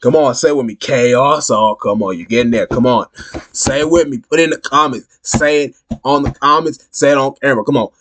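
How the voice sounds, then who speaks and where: A man with a mid-pitched voice hosts a casual reaction video. He talks loosely and laughs often, calling on his viewers to join him in a chanted sign-off. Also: fast, fairly bright tone, slight background noise. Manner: chatty, laughing, hyping viewers into a call-and-response sign-off.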